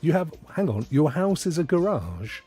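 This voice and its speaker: Rambling British man, very lively pitch. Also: moderate pace, breathy edge, soft background music. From United Kingdom. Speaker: podcast co-host. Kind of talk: casual gaming chat.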